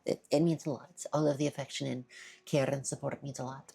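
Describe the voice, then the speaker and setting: A shy woman streamer chats casually with her viewers, stammering softly. Her voice sits very low with a gravelly fry and a dark, mellow color. The whole delivery is gentle and hesitant. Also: level tone, brisk. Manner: soft-spoken, shy, stammering.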